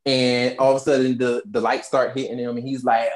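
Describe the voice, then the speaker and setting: A woman with a low voice chats casually about a movie she watched. She tells the story with animation and slips into the characters' voices as she goes. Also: level tone, a little fast, darkish tone. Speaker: podcast co-host recapping a movie. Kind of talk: casual chat.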